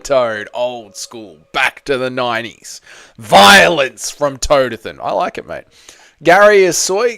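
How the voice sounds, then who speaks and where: A livestream host from Australia, with a slightly high voice and no echo, reads viewer comments aloud in a relaxed way and answers with joking, teasing banter.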